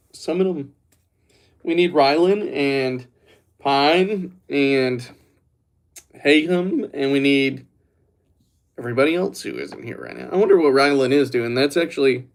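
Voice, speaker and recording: A man's voice: medium pitch, animated, unhurried, long pauses. A young man livestreaming, rambling and joking as he talks straight to his chat. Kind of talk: casual livestream chat with viewers.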